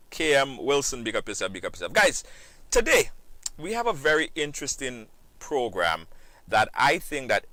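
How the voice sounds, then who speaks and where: A man hosting a live-stream talk show, animated, repeating phrases and breaking into sing-song shout-outs to viewers. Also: mid-range voice. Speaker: host.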